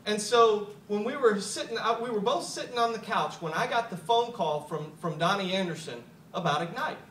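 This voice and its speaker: Bright high-voiced man giving a motivational talk. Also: normal speed, slight background noise. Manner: repeats words when starting sentences, chuckles often. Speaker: speaker at a business opportunity meeting. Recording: echoey room, voice picked up from a distance.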